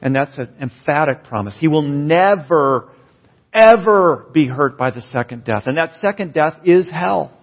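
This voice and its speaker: A pastor preaching a sermon in a church, earnest and building emphasis on key phrases. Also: male voice, fairly high pitch, lively intonation, measured pace. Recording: dull, slightly lo-fi sound.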